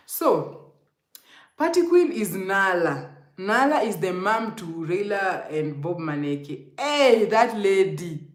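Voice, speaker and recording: A Kenyan woman vlogger tells her viewers a rambling, emotional storytime, frequently addressing them as "guys." Her voice is fairly low and carries a lot of reverb.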